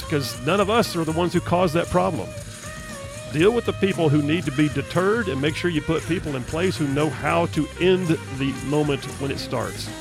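A man hosting a talk radio show, speaking in an emphatic, fired-up way. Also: a little high.

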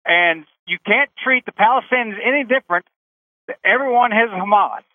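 A man's voice: high voice, moderate pace, no room sound. A man calling in to a radio talk show, blunt and opinionated, heard over a phone line. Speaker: caller.

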